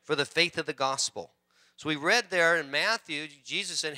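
A male pastor preaching a sermon with prayer and scripture reading, fervent and rising loud on his exhortations, often repeating words. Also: fairly high pitch, normal speed, no room sound.

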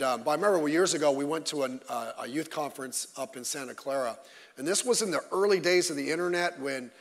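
Man preaching in a reverberant church. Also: mid-range voice. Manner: conversational with jokes to the congregation. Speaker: pastor. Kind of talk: sermon. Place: church sanctuary. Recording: long reverb of a large hall.

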